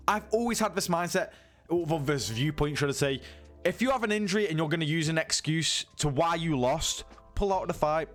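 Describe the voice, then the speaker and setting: A man's voice: on the high side, fairly bright tone. A man giving a casual, incredulous and sweary rant as a sports news YouTuber.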